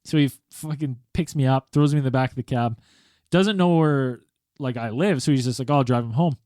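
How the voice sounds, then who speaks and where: A man's voice: mid-range voice, fairly quick, darkish tone, no room sound, clean studio sound. A man in his thirties, a podcast host telling a story in casual chat, acting out the quoted voices and laughing often.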